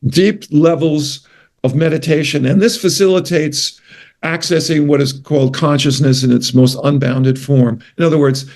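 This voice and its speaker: A man's voice: on the high side, steady tone, moderate pace, darkish tone. An older man with a New York accent, a doctor telling stories in a rambling, anecdotal interview style with frequent self-corrections. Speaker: guest, retired physician. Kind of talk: casual interview storytelling.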